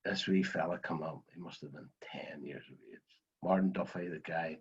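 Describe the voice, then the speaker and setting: Speaking at a normal speed in a husky bass voice, this Northern Irish guest driver spins funny stories during a relaxed video call interview. The recording has a dull quality.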